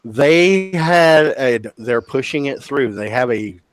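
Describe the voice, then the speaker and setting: A man's voice: medium pitch, expressive, slow pace, clean tone, dry recording. A man guest on a podcast, casually telling a hospital story, swearing freely, joking at his own expense and stumbling over restarts. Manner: profane, self-mocking, stammers on restarts.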